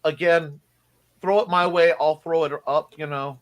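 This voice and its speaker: A man's voice: fairly high pitch, fairly even intonation, normal speed. A man hosting a live-streamed show, chatting casually and enthusiastically, rambling with frequent restarts and laughter.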